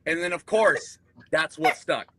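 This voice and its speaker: A man's voice: on the high side, unhurried, crowd noise. A man, a veteran guest, telling profane, joking stories in a casual chat.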